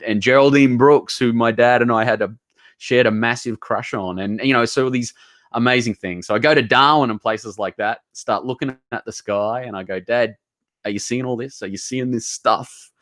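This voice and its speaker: A man's voice: medium pitch, a bit bright, dry recording, studio quality. An Australian man from Queensland, an author telling stories in a casual conversation, earnest and heartfelt, rambling with many restarts and an occasional mild swear. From Southeast Queensland, Australia. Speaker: author guest.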